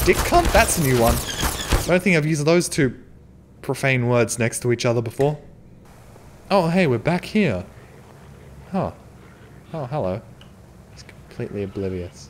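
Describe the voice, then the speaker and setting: With a fairly high, very animated voice, a let's play host swears and cracks jokes while playing a horror game, letting out yelps when startled. He speaks at a moderate pace, pauses often, and there's background noise.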